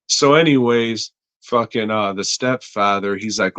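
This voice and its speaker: A man's voice: lowish voice, a little slow, a bit bright, clean tone, no echo. A man hosting a podcast, reading a joking ad and then rambling crudely through an episode review. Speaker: podcast host. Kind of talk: casual episode review with ad read.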